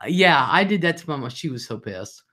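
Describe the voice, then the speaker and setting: A woman hosting a casual live chat, telling brash, loud stories with lots of laughing. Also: low-pitched, expressive, a little fast. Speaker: livestream host.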